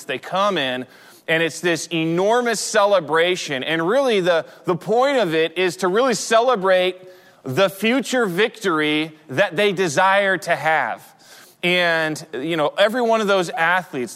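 A man's voice: fairly high pitch, a bit bright. A man in his forties preaching a sermon as pastor, telling stories in a conversational way with frequent restarts. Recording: long hall reverb.

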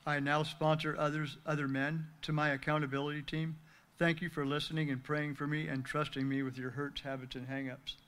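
Man, reading a recovery testimony, earnest, heartfelt, slightly high voice. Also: level tone, fairly quick, a bit bright. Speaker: speaker sharing recovery testimony. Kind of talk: prepared testimony read aloud.

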